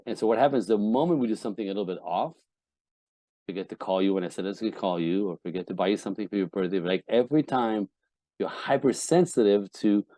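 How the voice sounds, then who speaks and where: Man, relationship coach on a podcast, low dark voice, blunt and swearing, dry close sound. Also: no echo. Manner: blunt and emphatic, swears often; acts out quoted voices of wives and husbands. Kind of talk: candid podcast interview.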